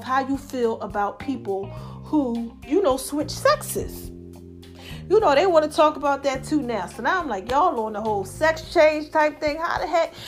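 Woman host, high-pitched, casual monologue, animated, laughs a lot, faint background music. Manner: chatty and animated, laughs often, calls listeners y'all and baby. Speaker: podcast host.

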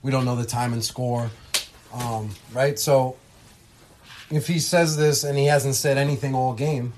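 A man's voice: medium pitch, steady tone, unhurried, noisy background. Man explaining officiating, coach-like. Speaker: podcast co-host, basketball referee. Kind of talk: casual instructional chat.

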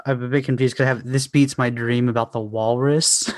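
A man's voice: mid-range voice, fairly even intonation, fairly quick, dry recording. A man co-hosting a podcast, chatting casually about a movie with short joking remarks. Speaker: podcast co-host. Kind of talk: casual movie review chat.

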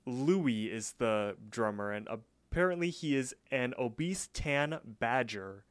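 A man co-hosting a podcast, casually recapping a cartoon episode with lots of fillers and quick voice impressions. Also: medium pitch, animated, no echo. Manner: loose, filler-heavy retelling with quick voice impressions. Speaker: podcast co-host.

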